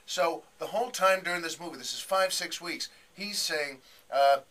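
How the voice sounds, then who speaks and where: A comedian telling an animated anecdote as a guest on a radio show, acting out the people he quotes. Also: fairly high pitch, normal speed. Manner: animated, acts out quotes with voices.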